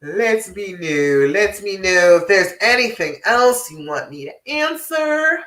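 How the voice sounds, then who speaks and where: A woman relationship coach talks to her live-stream audience in a bright, sharp voice. She is direct, frank and encouraging, often checks in with her listeners and laughs easily. She sits a little back from the mic in an echoey room. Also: mid-range voice, very animated, unhurried, hardly any pauses, distant mic. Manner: direct and encouraging, tag questions like "all right?".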